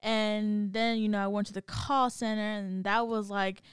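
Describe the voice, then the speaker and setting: A woman chats casually, telling a story with animated energy and putting on voices for the people in it. Her tone is smooth and clear. The sound is dry and close, with no room around it. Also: medium pitch, moderate pace, dry recording. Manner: animated storytelling, acts out quoted voices, laughs often. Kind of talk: casual chat.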